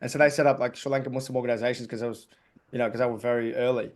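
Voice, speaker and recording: A man with an Australian accent, a comedian guest chatting casually on a podcast as an animated storyteller full of fillers. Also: mid-range voice, very fast.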